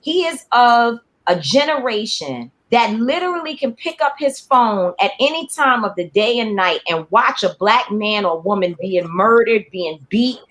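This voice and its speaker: A woman's voice: a little high, animated, unhurried, few pauses, fairly bright tone. A woman in her forties, a panel guest, talking earnestly and searching for her words as she restarts sentences. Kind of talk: panel discussion.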